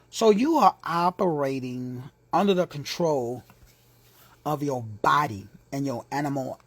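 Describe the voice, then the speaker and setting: A man with a Texan accent preaching an informal sermon, playful and slangy, who drops into hushed whispers for asides. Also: fairly high pitch, no room sound. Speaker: preacher and teacher.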